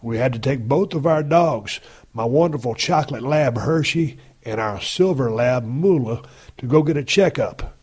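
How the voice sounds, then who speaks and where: A man's voice: medium pitch, animated, normal speed, darkish tone, slightly rough. A man in his fifties hosting a podcast, talking in a casual, blunt and heavily profane folksy monologue. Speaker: podcast host.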